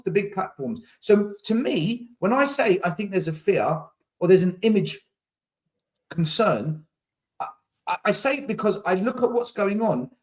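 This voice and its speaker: A man, hosting a podcast, arguing heatedly in casual debate and repeating words when he gets pressed. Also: sits high. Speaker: podcast host.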